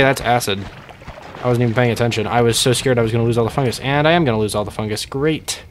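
A man's voice: medium pitch, fast talker, a little hiss or hum. A young man casually commenting on his own gameplay, rambling and joking, with sudden panicky outbursts. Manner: rambling, jokey, panicky bursts. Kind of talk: casual let's-play commentary.

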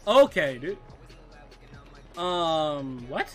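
A man's voice: high-pitched, normal speed, faint music behind. Hyped young male game streamer. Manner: excitable trash talk, constant "bro" and "dude". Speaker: gaming streamer. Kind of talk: live gameplay commentary.

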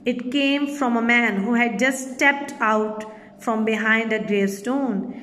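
Brief: a teacher with a Pakistani English accent, fairly high voice, very slow and deliberate reading, echoey reverb. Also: female voice, steady tone, a bit bright. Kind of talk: recorded reading lesson for children.

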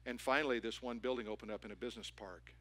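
Male pastor, sermon storytelling, animated and punchy; crisp bright tone. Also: mid-range voice, fast talker. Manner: animated storytelling with rising excitement. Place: church auditorium.

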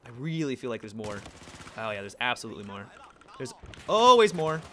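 Excitable young man narrating gameplay. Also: a little fast, a little hiss or hum. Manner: excitable, laughing, joking, sudden high squeals of surprise. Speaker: gameplay commentator. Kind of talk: casual gameplay commentary.

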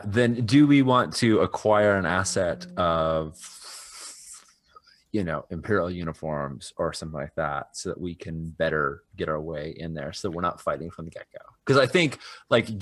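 A man's voice: low voice, normal speed, dry recording. A man playing a tabletop role-playing game, laying out plan options step by step in casual chat. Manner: methodical, lays out options step by step.

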